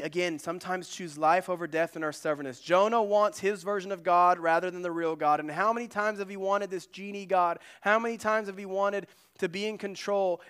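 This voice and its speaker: A male pastor preaching a sermon in an earnest way, moving between loud emphasis and hushed asides. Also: high voice, clean tone.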